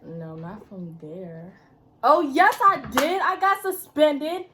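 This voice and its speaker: High-voiced young woman telling stories bluntly. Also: slow pace, slight background noise. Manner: blunt, profane, animated storyteller. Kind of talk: casual storytelling chat.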